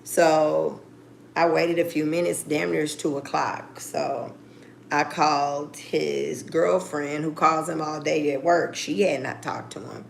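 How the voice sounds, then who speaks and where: A woman's voice: low-pitched, steady tone, takes it slowly, vocal fry, slight background noise. A middle-aged woman telling a story casually and bluntly, with plenty of swearing, acting out her phone calls. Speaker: vlogger.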